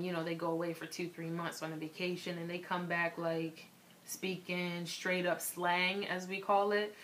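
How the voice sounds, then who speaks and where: A young woman from Barbados talks casually to her camera, her Barbadian accent slipping now and then toward American. Her voice sits a little low but sounds bright and clear. She speaks frankly, leaning on plenty of "um" and "like" as she goes. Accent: Barbadian, shifting toward American. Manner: frank and candid, with lots of fillers like "um" and "like". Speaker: vlogger.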